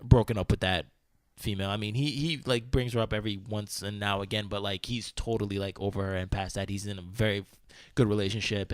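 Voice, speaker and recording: A man hosting a podcast, telling a story in casual chat, animated, full of "like" and swearing freely. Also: lowish voice, no room sound. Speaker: podcast host.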